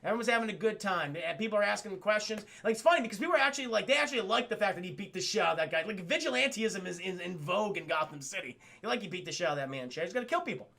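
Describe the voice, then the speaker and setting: A man's voice: high-pitched, lively intonation, very fast, gravelly, few pauses, bright, forceful tone. A man streaming a casual, profane spoiler recap of a cartoon episode to his live chat, rambling and addressing the chat directly.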